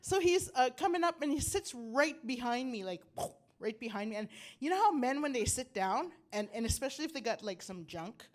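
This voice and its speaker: A woman's voice: high voice, lively intonation, brisk, few pauses. An older woman performing a stand-up comedy set, rambling and self-deprecating, laughing at her own jokes, coughing from bronchitis, on a handheld mic. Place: comedy club stage.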